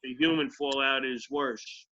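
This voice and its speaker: A man's voice: mid-range voice, fairly even intonation, unhurried, lo-fi sound. A middle-aged man with a New Jersey accent, chatting casually with family on a video call and telling stories with easy laughter. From New Jersey, USA. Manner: storytelling, laughs easily. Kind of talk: casual chat. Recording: noisy video call audio.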